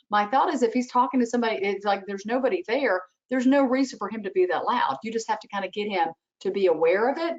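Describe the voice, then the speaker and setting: Animated woman giving parenting advice on a call. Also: mid-range voice. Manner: animated, acts out what she would say to a child. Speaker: webinar expert answering parent questions. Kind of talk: advice in a webinar Q&A. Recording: dull lo-fi video call audio.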